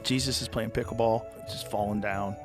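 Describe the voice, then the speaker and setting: A man riffing crudely and loudly as a comedian on a podcast. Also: fairly low pitch, normal speed, faint music behind. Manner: crude, animated riffing with laughs.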